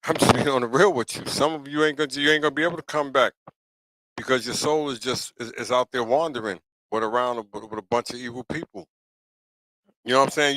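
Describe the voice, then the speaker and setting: A man's voice: mid-range voice, steady tone, fast talker, a bit bright, dry recording, poor audio. A middle-aged man hosting a live talk show, talking casually and preachily to his viewers and asking "you know what I'm saying?" again and again. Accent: New York. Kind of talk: casual livestream monologue.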